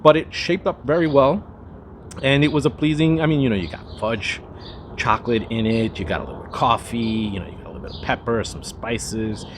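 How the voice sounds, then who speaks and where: A man's voice: mid-range voice, fairly quick, background noise. A man hosting a cigar review, talking in a rambling, chatty way with lots of asides and restarts. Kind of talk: casual cigar review monologue.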